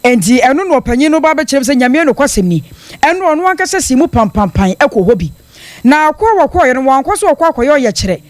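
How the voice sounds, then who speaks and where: High-voiced radio news reporter. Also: sing-song, fairly quick, dry recording.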